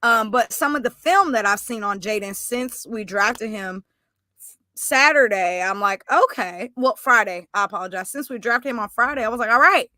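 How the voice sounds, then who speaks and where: Bright, chatty woman co-host. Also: a little high, moderate pace, no echo. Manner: chatty, animated, self-correcting. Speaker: podcast co-host. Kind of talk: casual sports chat.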